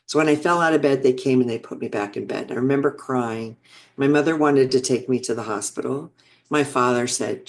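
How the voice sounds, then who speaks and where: A woman's voice: extremely low pitch, brisk. A woman in her sixties, an interview guest telling personal stories in a reflective, earnest way, often restarting sentences. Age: 60s. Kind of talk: personal storytelling.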